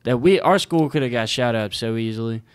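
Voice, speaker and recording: A man's voice: medium pitch, brisk, clear, resonant tone, no room sound, studio quality. A man in his twenties from the Southern US, chatting casually on a podcast with laid-back, incredulous reactions. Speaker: podcast co-host. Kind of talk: casual chat.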